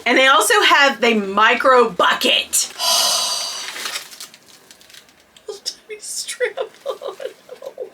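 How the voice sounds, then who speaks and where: A woman vlogger excitedly unboxing handbags, gushing and breaking into squeals and laughter. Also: fairly high pitch, far from the mic, slight background noise.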